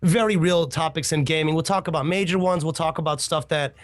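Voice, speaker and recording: A man hosting a casual podcast chat, telling stories with swooping pitch and quick asides. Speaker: podcast host.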